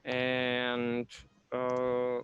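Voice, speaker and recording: A man's voice: mid-range voice, monotone, extremely slow, fairly bright tone, clean tone, dull audio. A man playing a tabletop game, musing through his turn. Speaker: player.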